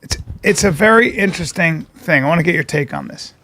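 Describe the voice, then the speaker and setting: A man's voice: fairly high pitch, lively intonation, fast talker, bright, forceful tone, no room sound. A man co-hosting a podcast, chatting casually and telling rambling stories that stop and restart. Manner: rambling, self-interrupting storyteller. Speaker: podcast co-host and comedian. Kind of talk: casual chat.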